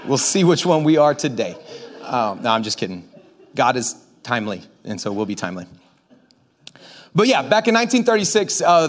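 High-voiced emphatic man preaching. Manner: emphatic, swings from quiet asides to shouted commands; joking with the congregation. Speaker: pastor. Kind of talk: sermon. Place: church sanctuary before a congregation.

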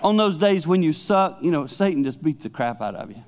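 A middle-aged man preaching a sermon in a conversational storytelling way. He drops to hushed tones to stress a point. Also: fairly high pitch, expressive, fairly quick. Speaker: pastor and speaker.

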